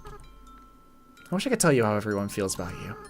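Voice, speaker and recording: A man's voice: lowish voice, huge pitch swings, moderate pace. A man reading a lonely, desperate boy monster. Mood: tearful, soft. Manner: reading game dialogue aloud with feeling, voice breaking. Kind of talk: dramatic reading of game dialogue. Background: faint game music.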